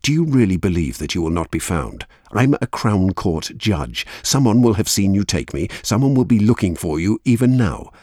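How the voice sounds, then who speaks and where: A man with a husky voice voicing a tough, famous female judge who speaks firmly and threateningly in a storybook reading. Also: deep voice, big pitch swings, normal speed, few pauses, mellow, no room sound, clean studio sound, voice pushed up. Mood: stern, threatening. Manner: commanding, threatening, firm. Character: stern famous female Crown Court judge.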